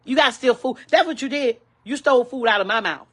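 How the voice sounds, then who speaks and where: A woman's voice: a little high, quick pace, fairly bright tone, breathy edge. An older woman ranting angrily in a vlog, repeating herself with indignant, preachy emphasis. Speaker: vlogger. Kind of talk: angry complaint rant.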